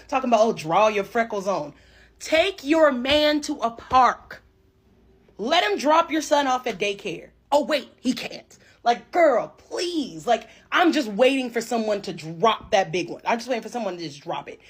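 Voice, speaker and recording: A woman's voice: sits high, husky. A woman commenting in a casual reaction video, sassy and exasperated. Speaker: commentator reacting to celebrity news.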